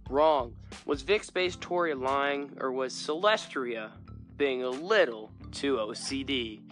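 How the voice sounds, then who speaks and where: A man's voice: mid-range voice, animated, takes it slowly, fairly bright tone, soft background music. A man hosting a casual fan podcast, talking in a playful, chatty way. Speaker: podcast host.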